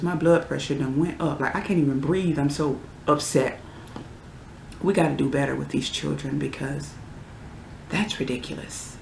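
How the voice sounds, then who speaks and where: A young adult in their twenties rants heatedly to the camera, exasperated and prone to sudden outbursts. The voice carries a gravelly fry. It sounds roomy and echoey, with a faint hiss underneath. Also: medium pitch, steady tone, normal speed, a little mellow. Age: 20s. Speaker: vlogger. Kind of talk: casual ranting vlog. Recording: roomy echo.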